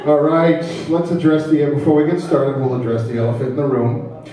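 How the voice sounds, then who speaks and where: A man's voice: on the high side, a little fast, warm tone. A man from New Jersey performing a stand-up set on a comedy club stage, chatty, self-deprecating and teasing the crowd. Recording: echoey club from a distance.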